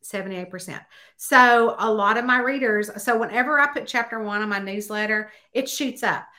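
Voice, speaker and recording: A woman author chatting in a podcast interview, telling stories and acting out bits of dialogue with high, excited exclamations. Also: normal speed. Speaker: guest author.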